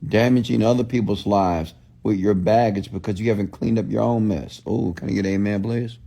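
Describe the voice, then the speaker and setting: Gravelly, mellow-voiced man preaching motivation. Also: on the low side, fairly even intonation, brisk. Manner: preachy, repetitive call-and-response questions; blunt, scolding. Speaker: motivational speaker. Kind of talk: motivational livestream talk.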